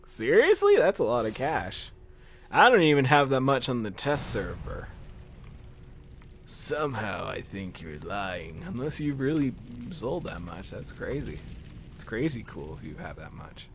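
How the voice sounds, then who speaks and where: A man's voice: lowish voice, lively intonation, a little slow, a bit bright, a little hiss or hum. A young man chatting casually with viewers while playing a game on stream, laughing often. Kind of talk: casual gameplay commentary.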